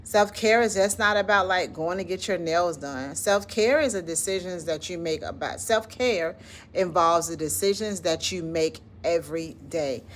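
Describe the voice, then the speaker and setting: A woman's voice: lowish voice, normal speed, slight background noise. A woman with a Southern US accent, founder of an educators' wellness club, talking casually and encouragingly about self-care while guiding a breathing exercise, often saying "listen" and "like". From Southern United States. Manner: encouraging, conversational, drops in "listen" and "like".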